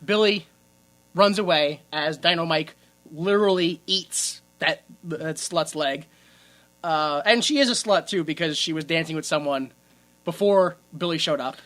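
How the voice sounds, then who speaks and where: Bright-voiced joking podcast guy. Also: a little high, measured pace. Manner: crude, joking, laughs often while retelling scenes. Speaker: podcast co-host. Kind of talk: casual podcast chat reviewing a movie.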